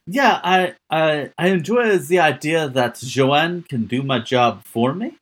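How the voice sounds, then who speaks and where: A player in an improvised tabletop role-play game with a husky voice and a very lively melody. They make dry jokes in quick banter, at a middle pitch.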